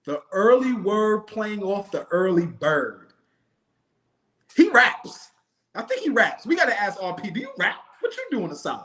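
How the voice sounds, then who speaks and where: A man co-hosting a casual sports chat, trading joking, slangy banter. His voice is high and leaps widely in pitch. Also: very animated, unhurried, a bit bright. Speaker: podcast co-host.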